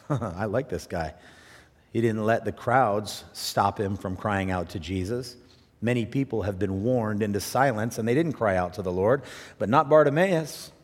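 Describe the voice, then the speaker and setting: A man's voice: on the low side, a little slow. Preaching man in a reverberant hall. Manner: animated preaching, rising and dropping to near hush for emphasis; repeats words and restarts while thinking aloud. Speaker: pastor. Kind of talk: sermon.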